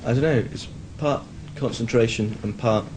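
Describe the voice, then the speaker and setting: A man's voice: medium pitch, normal speed, background noise. A young man in his twenties, a band member, chatting candidly and wryly in a casual interview. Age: 20s. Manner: relaxed, candid and wry.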